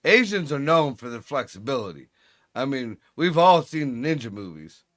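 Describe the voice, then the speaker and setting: A man's voice: medium pitch, very animated, moderate pace. A middle-aged man co-hosting a casual podcast chat, telling crude stories full of swearing. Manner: crude, profane storytelling. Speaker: podcast co-host.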